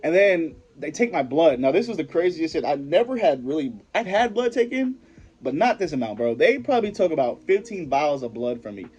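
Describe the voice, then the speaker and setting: A man's voice: a little high, big pitch swings, brisk, hardly any pauses, a little mellow, husky. A young man vlogger telling a personal story in a rambling, profane, slangy way, often stopping and restarting his sentences. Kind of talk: casual storytelling to camera.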